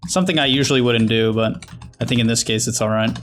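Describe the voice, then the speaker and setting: A man commentating his own match in a casual, thinking-aloud way, critiquing his plays with restarts and quick laughs. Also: medium pitch, fairly bright tone. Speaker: gameplay commentator.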